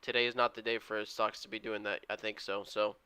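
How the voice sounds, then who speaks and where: Eager and urging the price onward, a man streams his day trading with a continuous play-by-play for viewers. His lowish voice barely moves in pitch and runs a little fast, sounding bright, forceful, clear, and resonant.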